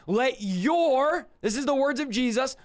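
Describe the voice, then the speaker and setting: High-voiced, fiery shouting preacher. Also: male voice, animated, measured pace. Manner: rhetorical questions, swings between shouts and low asides. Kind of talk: live-streamed sermon.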